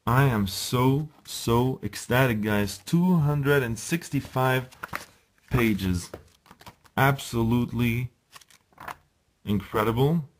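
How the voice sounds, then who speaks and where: A man giving a casual, enthusiastic unboxing review, chatting to viewers and pausing with ums as he handles the items. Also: mid-range voice, a little hiss or hum. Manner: enthusiastic, chatty, often addresses viewers as guys; hesitant, with ums and restarts while handling items. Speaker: video reviewer.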